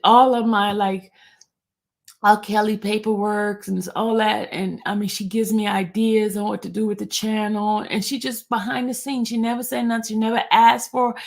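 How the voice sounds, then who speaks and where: A woman's voice: medium pitch, little pitch movement, normal speed, vocal fry. A woman hosting her own channel, chatting casually with viewers, rambling and often repeating her thanks. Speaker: channel host. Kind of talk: casual livestream chat with viewers.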